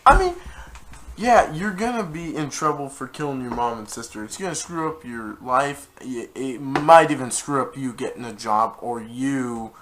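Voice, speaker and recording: A man's voice: mid-range voice, lively intonation, normal speed, crowd noise. A man co-hosting a casual vlog, reacting in a rambling, hesitant way and drifting into side stories. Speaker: co-host reacting to the story. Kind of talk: casual chat commentary.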